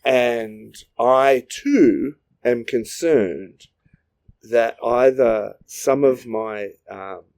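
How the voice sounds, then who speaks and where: A man's voice: mid-range voice, drawn-out words, gravelly, a little mellow. A man voicing a friendly male alien who gushes earnestly about loving Earth. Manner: earnest, gushing.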